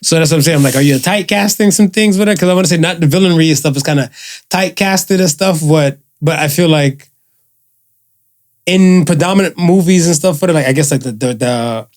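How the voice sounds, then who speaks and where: A man's voice: a little high, brisk, darkish tone. A man co-hosting a casual podcast, rambling and padding his points with filler phrases. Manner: rambling, fills with "and stuff". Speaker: podcast co-host.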